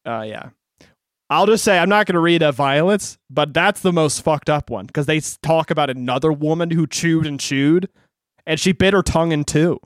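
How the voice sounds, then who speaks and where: A man's voice: on the high side, normal speed, no room sound, clean studio sound. A young adult man co-hosting a podcast, chatty and laughing often in casual talk. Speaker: podcast co-host. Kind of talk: casual chat.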